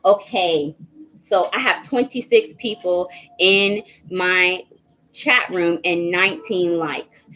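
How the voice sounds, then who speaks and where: A woman with a somewhat low voice hosts a live tarot stream, talking in a chatty, grateful way as she greets viewers by name. There are plenty of "um"s as she catches up on comments. A faint hiss sits under the recording. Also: takes it slowly, sharp tone, poor audio. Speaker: tarot reader hosting a livestream.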